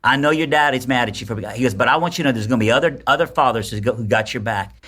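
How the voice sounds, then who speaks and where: This podcast guest, a man in his forties, talks very fast at a medium pitch. He tells a personal story in casual conversation, animatedly performing the quotes and voices of everyone involved.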